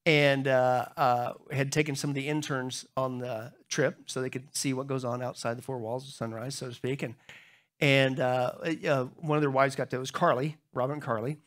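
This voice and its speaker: A middle-aged man preaching a sermon as pastor, telling funny stories to the congregation and jumping into high voices when he acts out other people. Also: normal speed. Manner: humorous storytelling, talks to the crowd; animated, jumps into high squeaky voices when acting out others.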